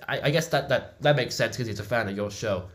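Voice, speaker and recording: A woman's voice: extremely low pitch, quick pace, a little hiss or hum. A woman playing a fussy American businessman boss who has suddenly picked up a put-on British accent, talking in a prim, flustered, exasperated way. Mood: snide. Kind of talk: home-made comedy podcast sketch.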